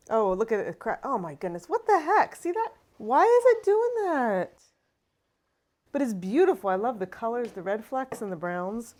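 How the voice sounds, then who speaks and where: A woman with a medium-pitched, slightly mellow voice hosts a cheesemaking vlog from her home kitchen. She talks casually to the camera, chatty and exasperated, and pokes fun at herself.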